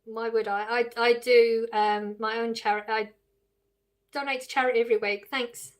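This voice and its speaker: A woman's voice: a little high, little pitch movement, normal speed. An English woman live streaming, reading viewers' questions aloud and answering them casually with frequent laughs. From England. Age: adult with children.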